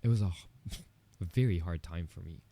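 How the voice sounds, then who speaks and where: A podcast host delivers a solo monologue in a lowish, mellow, creaky voice, speaking fairly quickly. He comes across as earnest and candid, encouraging listeners directly, and talks casually with many "you know" asides.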